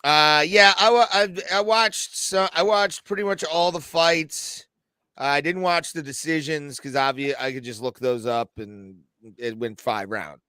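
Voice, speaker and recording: Man, podcast co-host, casual joking chat, bright forceful tone, crisp clean voice. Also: on the high side, a little slow, dry recording. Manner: joking, laughing, reads viewer chat aloud.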